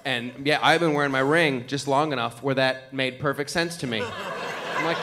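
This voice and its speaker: A man doing an animated stand-up comedy routine on a club stage. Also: medium pitch, moderate pace. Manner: animated storytelling with mock cat yowls. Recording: live club recording with crowd noise. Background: audience laughter.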